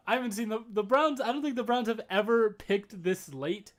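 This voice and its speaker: High-voiced excitable young man. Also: unhurried. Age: young adult. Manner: chatty, laughs often, excitable. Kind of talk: casual online chat among friends.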